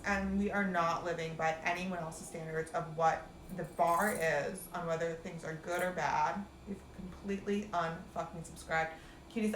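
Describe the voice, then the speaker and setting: Chatty, swearing woman with a low voice. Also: a bit bright, a little hiss or hum. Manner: chatty, profane, heavy use of "like", calls listeners "cuties". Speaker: life coach and meditation guide. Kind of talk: casual spiritual pep talk. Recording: roomy echo.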